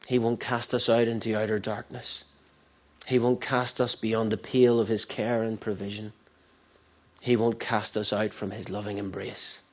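A man's voice: fairly low pitch, breathy edge. A man preaching a sermon earnestly, repeating phrases for emphasis and often restarting mid-sentence. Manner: many restarts and stumbles.

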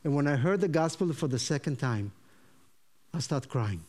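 Animated high-voiced preacher. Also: male voice, moderate pace. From Israel. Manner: animated, acts out the voices in his story. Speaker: preacher sharing his testimony. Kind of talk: sermon testimony.

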